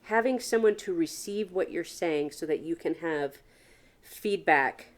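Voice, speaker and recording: A woman's voice: fairly low pitch, a little slow. A woman hosting a solo podcast, talking earnestly and frankly, posing many questions and swearing casually. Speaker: podcast host. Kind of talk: reflective solo podcast monologue.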